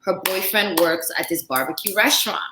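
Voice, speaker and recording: Speaking briskly in a mid-range voice with background noise, this young Central African chef is a guest on a podcast. In a roomy, echoey room, she animatedly tells a story in casual chat, acting out the dialogue and often saying "like".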